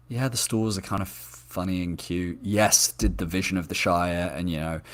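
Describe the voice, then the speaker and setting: A man's voice: sits low, steady tone, unhurried. A man hosting a live discussion show, chatting enthusiastically and reading out viewer comments, with frequent ums and restarts. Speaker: show host.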